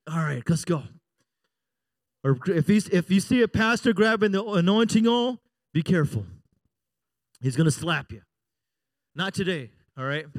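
A man's voice: high voice, fairly bright tone, dry recording, clean studio sound. A middle-aged man preaching a sermon as a pastor, joking and conversational, often asking the congregation for an amen. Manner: jokey, conversational preaching with frequent call-outs for amen.

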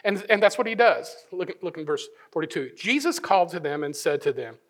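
Lively, animated male pastor preaching. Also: fairly high pitch, fairly quick, few pauses. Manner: animated, acts out voices, many restarts; swings from hushed asides to loud emphatic preaching. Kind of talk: sermon.

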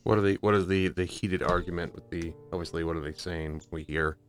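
A man's voice: sits low, steady tone, brisk, faint music behind. A man talking casually and hesitantly as a player in a tabletop game.

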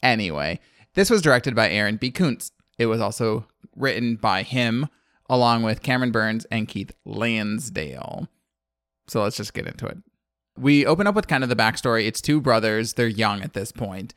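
A man's voice: fairly low pitch, lively intonation, moderate pace, a bit bright, no echo. Chatty rambling man, dry close mic. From American South. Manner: rambling, chatty, laughs often. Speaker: podcast co-host recapping a movie. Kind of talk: casual chat.

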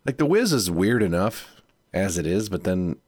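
A man co-hosting a film podcast, adding quick asides and questions to the chat. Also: deep voice, sing-song, a little mellow, dry recording, studio quality. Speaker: podcast co-host. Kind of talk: casual film discussion.

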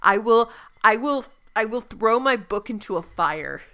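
Bright, clear-voiced woman chatting. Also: fairly high pitch, unhurried. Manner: animated retelling, wry jokes. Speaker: podcast co-host. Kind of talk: casual book club chat.

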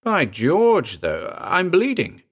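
A man's voice: mid-range voice, lively intonation, measured pace, pitched above the performer's own voice. A man reading aloud, voicing a frightened young man whose voice rises and trembles. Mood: startled. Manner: urgent, voice rising and trembling.

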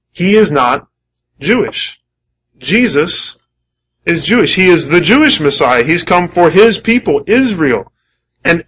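Male pastor, slightly higher voice, tense and bright, emphatic preaching with repeated lines and rhetorical questions. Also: rough recording. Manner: emphatic, repeats key phrases. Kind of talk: sermon.

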